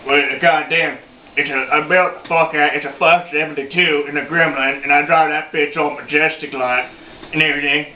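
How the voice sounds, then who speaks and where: A man's voice: on the high side, steady tone, normal speed, natural voice. A man playing a foul-mouthed, boastful old redneck in his sixties, telling a rambling, profane story as a comedy monologue. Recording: roomy, dull lo-fi home video.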